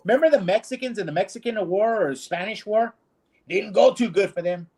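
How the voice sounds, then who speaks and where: A man's voice: high voice, fairly quick, creaky, darkish tone. A man co-hosting a streamed talk show, ranting bluntly and indignantly in casual discussion. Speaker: co-host.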